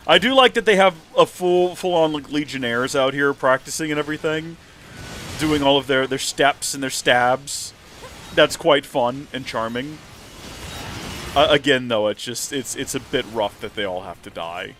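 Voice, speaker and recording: A man's voice: mid-range voice, normal speed, a bit bright. A man hosting a live game stream, chatting and joking about himself as he plays. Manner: chatty, joking, self-deprecating. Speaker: host, gamer.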